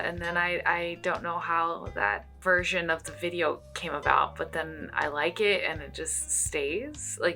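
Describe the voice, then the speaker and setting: A young woman vlogging as she follows a painting tutorial, chatty, playful and excitable. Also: on the low side, creaky. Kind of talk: casual reaction commentary.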